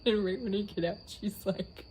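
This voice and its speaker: A woman's voice: medium pitch, fairly even intonation, moderate pace, warm tone, slight background noise. A young woman casually telling a funny story, laughing often mid-sentence.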